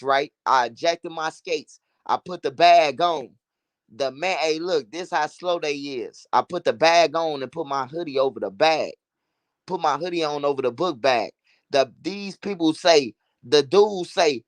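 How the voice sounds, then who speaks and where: A man casually telling a profane, animated street story, repeating phrases for emphasis. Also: fairly high pitch, no room sound.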